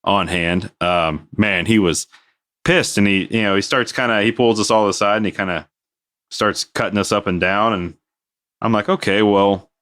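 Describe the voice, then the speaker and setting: A man's voice: on the low side, moderate pace, a bit bright. A man telling a work story in casual podcast chat, acting out the people he quotes with big jumps in his voice. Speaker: podcast co-host, aviation maintenance worker.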